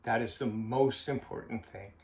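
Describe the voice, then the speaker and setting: Man, slow halting delivery, frequent cough, mid pitch, roomy echo. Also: fairly even intonation, vocal fry, very noisy. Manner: slow, halting, heartfelt, pausing often. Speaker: vlogger. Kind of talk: personal vlog monologue.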